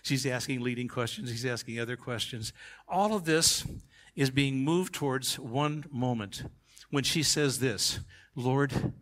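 A male pastor preaching a sermon, emphatic, swinging from quiet asides to shouted climaxes. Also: medium pitch, unhurried.

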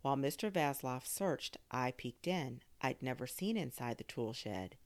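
A woman narrating a children's story in an expressive storytelling manner. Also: rumbling low, moderate pace. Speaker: audiobook narrator.

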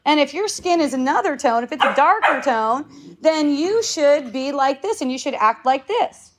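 A woman's voice: high-pitched, lively intonation, normal speed, noisy background. A woman in her fifties talking casually to a group, rambling with restarts, swearing freely and laughing often. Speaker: speaker in a group talk.

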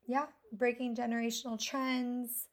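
A woman's voice: on the high side, little pitch movement, measured pace. A woman co-hosting a casual podcast with her husband, friendly and upbeat, laughing easily. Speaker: podcast co-host. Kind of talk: casual chat.

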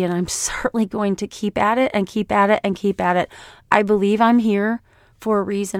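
A middle-aged woman hosting her own podcast, speaking hoarsely after an illness in a raw, blunt and heartfelt monologue. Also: mid-range voice, dry recording, clean studio sound. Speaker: podcast host.

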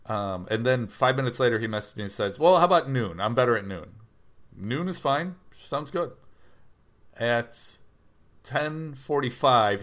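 A man's voice: mid-range voice, a bit bright. A man casually telling a long story about buying old toys, rambling and correcting himself, livening up when he quotes people. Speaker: toy reseller telling a story.

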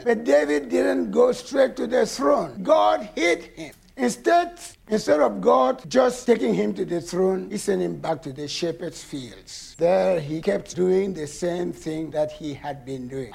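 Preacher, man, sixties, gravelly high voice, emphatic shouting bursts. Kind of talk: sermon.

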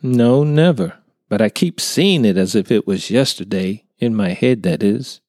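A man's voice: lowish voice, expressive, measured pace, darkish tone, no echo, studio quality. A man voicing an earnest young contractor who tells his story hesitantly in a storybook reading. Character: earnest younger male contractor, unsettled by a sighting.

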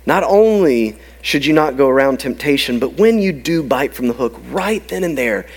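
A man preaching a sermon as pastor, emphatic and dropping to a hush for key points. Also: on the high side. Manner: emphatic, swinging from loud to hushed.

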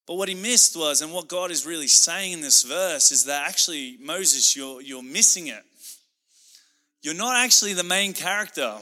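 A man's voice: a little high, moderate pace, sharp tone, in a large hall. A male pastor delivering a sermon in a passionate, conversational manner.

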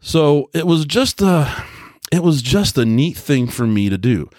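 A man's voice: fairly high pitch, very animated, measured pace, a little mellow, no echo, clean studio sound. A man in his forties hosting a solo podcast, telling loose, self-deprecating stories with many restarts and filler words. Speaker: podcast host. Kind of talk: casual solo podcast monologue.

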